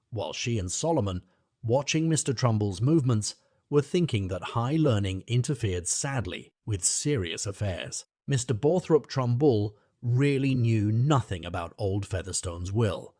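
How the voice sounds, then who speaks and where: A man narrating a classic novel as an audiobook, in a measured, even way. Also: fairly low pitch, no echo, clean studio sound.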